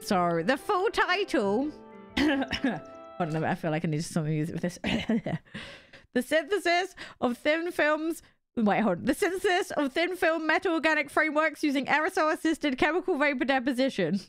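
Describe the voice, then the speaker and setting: A woman's voice: high-pitched, very animated, moderate pace, faint music behind. A young British woman streaming a cozy game, chatting casually with viewers in a giggly, self-mocking way. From Britain. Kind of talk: casual gameplay chat with chat readers.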